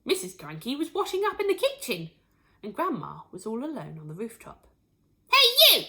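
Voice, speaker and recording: A woman teacher reading a storybook aloud to children, expressive and pointing out the pictures as she goes. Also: a little high, a little fast. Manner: expressive, shows pictures to listeners.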